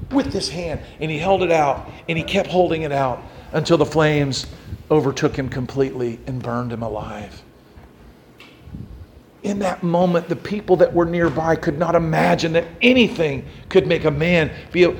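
A man's voice: on the high side, moderate pace, a little hiss or hum. A man preaching a sermon, telling a story and acting out the quotes with rising intensity. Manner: dramatic, acts out quotes, rising to intense emphasis. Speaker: pastor.

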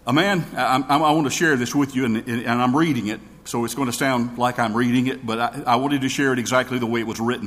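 A man's voice: medium pitch, fairly even intonation, quick pace, few pauses, a bit bright. A man preaching a sermon in an earnest way, often repeating his first words as he begins a thought. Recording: long reverb of a large hall.

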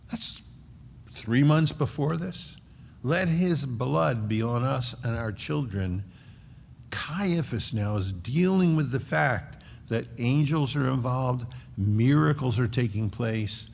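A man preaching a sermon as a pastor, reading scripture aloud and stressing words slowly and firmly. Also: on the low side, vocal fry, long reverb tail, muffled recording.

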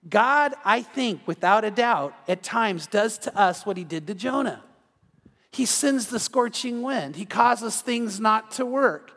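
A male pastor giving an evening sermon in a conversational way, acting out everyday scenes in quick quoted voices. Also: sits high, expressive, fairly bright tone. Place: church sanctuary. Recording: long reverb of a large hall.

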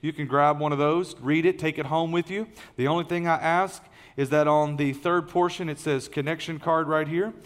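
A man's voice: on the high side, steady tone, moderate pace, few pauses. A middle-aged man, preaching a conversational, folksy sermon as lead pastor, with many fillers and restarts. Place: large church auditorium. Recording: long reverb of a large hall.

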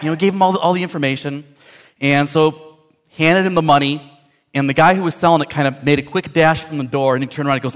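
A man's voice: fairly high pitch, quick pace. A man preaching a sermon as a pastor, conversational and storytelling, often repeating words as he builds a point.

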